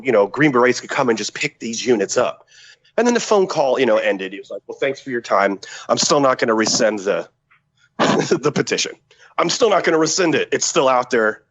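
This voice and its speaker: A man's voice: medium pitch, dull audio. A man, a former special forces soldier and podcast guest, telling a story in casual, profane talk and acting out the quotes. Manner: profane, animated, acts out quotes.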